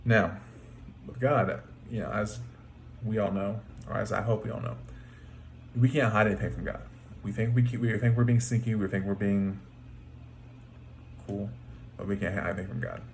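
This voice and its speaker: A man's voice: lowish voice, moderate pace, gravelly, long pauses, slight background noise. A man who blogs as a trucker, retelling a Bible story in an informal, slangy way with frequent restarts. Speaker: trucker video blogger.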